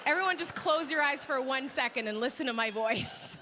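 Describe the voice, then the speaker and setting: A woman's voice: sits high, fairly quick, long reverb tail. A woman comedian doing a self-deprecating stand-up set on a live stage, chatty and full of asides to the crowd. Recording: live show with loud crowd noise.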